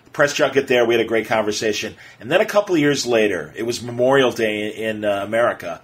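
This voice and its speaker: Podcast host guy, chatty and excitable, kinda husky, lots of uhs. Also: on the low side, fast talker. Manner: animated, excitable storyteller with many fillers. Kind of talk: casual podcast storytelling.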